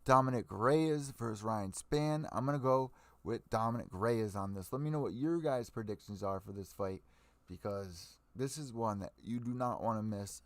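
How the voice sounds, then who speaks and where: A man's voice: fairly low pitch, moderate pace, no echo. A young man hosting an MMA podcast, ranting with a lot of swearing and giving fight predictions. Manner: profane, fired-up ranting. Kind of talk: ranting live stream commentary.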